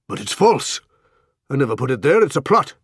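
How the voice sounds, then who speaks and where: A curt, guarded middle-aged money man with a clipped, edgy delivery, as the reader puts him on. The voice is slightly husky and recorded dry and close. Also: lowish voice, animated, moderate pace, fairly bright tone, no room sound, full character voice. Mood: agitated.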